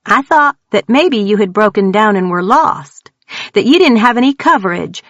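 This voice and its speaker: A woman voicing a sharp, scolding older mother who fires off exasperated questions. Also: mid-range voice, animated, moderate pace, dry recording, voice pushed up.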